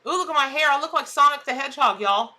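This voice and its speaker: A woman, a tarot reader chatting casually on a live stream, exclamatory and quick to laugh at her own jokes. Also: sits high, expressive, sharp tone.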